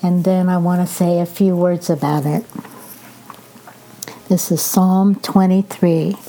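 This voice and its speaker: Slow, dark-voiced woman reading scripture. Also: lowish voice, little pitch movement, faint music behind. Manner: slow, gentle, measured reading with pauses. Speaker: podcast host reading scripture. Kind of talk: devotional reading and reflection.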